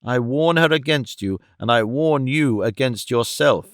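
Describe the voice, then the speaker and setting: A man voicing an earnest, kindly older gentleman who pleads stoutly and warmly in an audiobook. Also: mid-range voice, unhurried, dry recording, studio quality, lightly acted. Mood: pleading.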